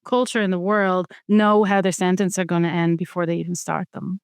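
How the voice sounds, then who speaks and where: A woman's voice: on the low side, little pitch movement, fairly quick, clear, resonant tone, no room sound, clean studio sound. An Irish woman hosting a podcast, chatting casually and curiously with her guest and laughing easily. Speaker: podcast host. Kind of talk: casual conversational interview.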